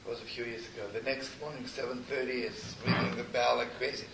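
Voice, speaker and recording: An older man, a rabbi, telling stories in a sermon with an intimate, repetitive manner, often sinking to a hushed near-whisper. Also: medium pitch, little pitch movement, fast talker, creaky. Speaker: rabbi and teacher. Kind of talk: storytelling sermon to a live gathering. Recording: roomy distant live recording with noise.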